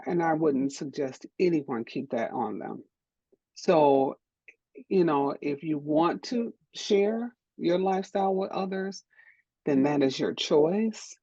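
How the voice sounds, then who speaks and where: A middle-aged woman from Detroit speaks frankly and emphatically. Her voice has a gravelly edge and sits at a mid pitch. The sound is dry and somewhat dull. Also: a little mellow, dry recording. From Detroit, USA. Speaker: DJ and producer, interview guest. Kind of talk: candid interview answers.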